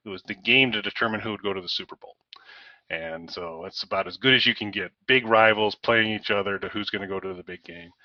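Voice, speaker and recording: Man, low voice, rambling casual podcast chat, lots of uhs, dry dull sound from a bit off-mic. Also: no room sound. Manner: rambling anecdotes with frequent fillers and chuckles. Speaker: podcast co-host. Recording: dull lo-fi, slightly distant mic.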